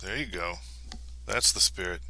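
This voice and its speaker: A man with a low voice hosts a comedy podcast, rambling through crude jokes. His tone is bright and forceful, and he keeps the chatter loose. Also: normal speed, a little hiss or hum, rough recording. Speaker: podcast host. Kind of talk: comedic monologue.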